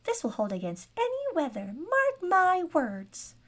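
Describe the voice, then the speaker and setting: Woman putting on a squeaky old gnome man. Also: wildly swooping pitch, measured pace, exaggerated voice. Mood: scoffing. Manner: huffy and boastful. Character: older male gnome merchant, squeaky, smug, grumpy.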